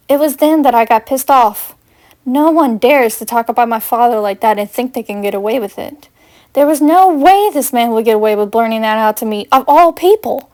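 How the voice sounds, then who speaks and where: A woman's voice: on the high side, expressive, moderate pace, a little mellow. A woman reading her own first-person fanfiction aloud in an earnest storytelling way. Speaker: fanfiction reader.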